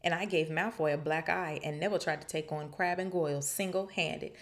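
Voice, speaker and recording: A woman doing a loud, cheering boy wizard. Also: low-pitched, fairly even intonation, fairly quick. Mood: excited. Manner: loud, gleeful.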